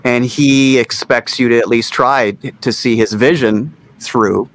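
A man's voice: mid-range voice, fairly even intonation, unhurried. A man co-hosting a casual music chat, easygoing and telling anecdotes.

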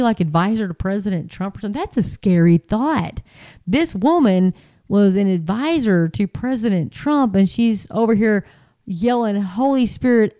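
A woman's voice: mid-range voice, dark tone. A woman talking in a casual, rambling way, full of fillers and restarts, sounding exasperated and incredulous. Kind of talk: casual commentary.

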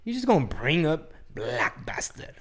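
Animated man in casual podcast banter. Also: a little high, measured pace. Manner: animated, drops into mock voices for quotes. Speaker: podcast co-host. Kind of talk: casual chat.

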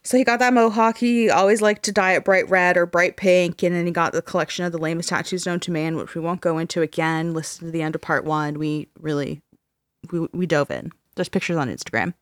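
A woman's voice: lowish voice, fairly quick, dry recording. Dry-voiced woman podcast host. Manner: animated, laughing, swears freely. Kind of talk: casual true-crime podcast chat.

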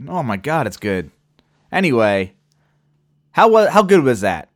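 Male podcast host, lively up-and-down delivery, loose and chatty with a bit of profanity, dry close sound, mid pitch. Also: takes it slowly, long pauses, dry recording. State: sipping wine while talking. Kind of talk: casual chat.

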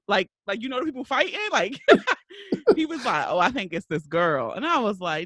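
A woman's voice: mid-range voice, sing-song, normal speed, a bit bright, dry recording. A woman from Baltimore hosting a podcast, telling a story in casual chat and laughing her way through it. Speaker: podcast host.

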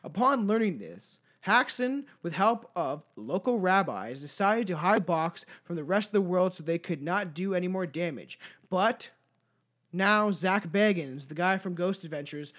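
Canadian man, high-pitched voice, casual podcast host, profane storyteller. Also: animated, normal speed, fairly bright tone. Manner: loose, profane storytelling with frequent laughs.

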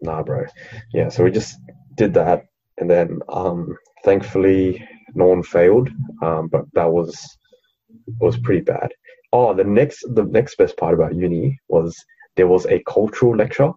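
A man's voice: low-pitched, measured pace, mellow, slightly rough, highs cut off. A young Australian man co-hosting a podcast, rambling through a story in casual chat and swearing freely. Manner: rambling, swears freely, mocks quoted people. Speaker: podcast co-host.

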